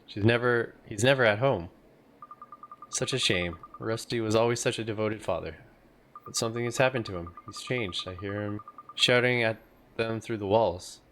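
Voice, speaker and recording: A man's voice: lowish voice, normal speed, fairly bright tone, a little hiss or hum, natural voice. A man reading as a gossipy old neighbor woman. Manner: gossiping, fussy and sympathetic. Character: gossipy elderly woman neighbor, fussing and chatty. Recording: game music playing behind.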